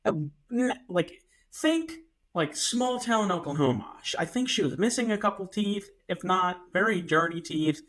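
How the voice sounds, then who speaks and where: A young man co-hosting a casual podcast, telling stories with lots of comic exaggeration. His pitch swings widely as he talks, and his voice has a bright, forward edge. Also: normal speed. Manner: animated storytelling with comic exaggeration. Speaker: podcast co-host. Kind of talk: casual chat.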